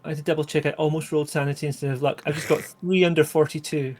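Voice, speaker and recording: A man playing in a tabletop role-play game, talking in a quick, rambling way with restarts. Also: a little high, steady tone, darkish tone. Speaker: player.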